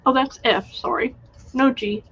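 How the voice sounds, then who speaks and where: A woman hosting a live online craft sale, chatty and unhurried, showing handmade items and reading out winning bidders. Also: high-pitched, fairly bright tone, dull audio, slight background noise. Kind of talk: live online sales stream.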